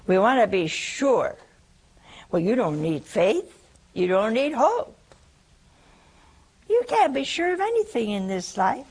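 An older woman preaching a sermon, humorous and animated, acting out the quotes she tells. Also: mid-range voice, a little slow, gravelly, slightly rough.

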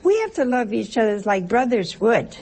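A woman's voice: a little high, sing-song, moderate pace, darkish tone, slightly rough. A woman, a nun, giving a conversational sermon in a folksy, humorous way, full of rhetorical questions. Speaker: nun preaching.

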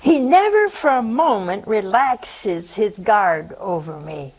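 A woman's voice: expressive, takes it slowly, a little mellow, low-quality recording. An older woman with a Southern American accent preaching a sermon, telling a story and asking rhetorical questions. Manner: storytelling, rhetorical questions, pitch swings for emphasis.

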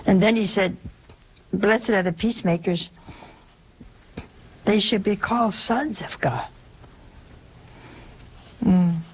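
A woman preaching a sermon in an animated way, with many rhetorical questions and little acted-out exchanges. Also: medium pitch, takes it slowly, pauses often, husky.

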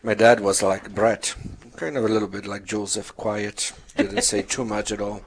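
A man's voice: on the low side, flat delivery, normal speed, husky. A man, a priest, telling a personal story on a radio show and acting out his mother's lines.

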